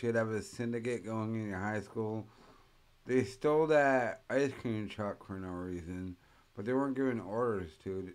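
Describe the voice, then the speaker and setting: Argumentative male co-host. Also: medium pitch. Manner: argumentative, joking. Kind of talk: casual radio banter.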